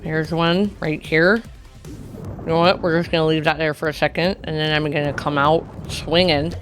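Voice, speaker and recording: A woman's voice: low-pitched, steady tone, moderate pace, faint music behind. A woman streaming a video game, commenting live and often exclaiming and squealing as she plays.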